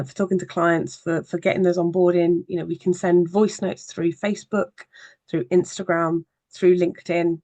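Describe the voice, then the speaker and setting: A social media marketing trainer giving an evening workshop presentation, explaining in a conversational way with frequent pauses. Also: mid-range voice, a little mellow, no room sound.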